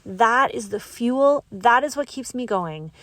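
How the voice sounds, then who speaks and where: A woman hosts her podcast alone, excitable and gushing, close to tears as she thanks her listeners. Her voice sits a little high and sounds dry and close, with no room around it. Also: a little slow, no echo. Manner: bubbly and excitable, laughing and gushing. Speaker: podcast host. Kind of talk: solo podcast sign-off.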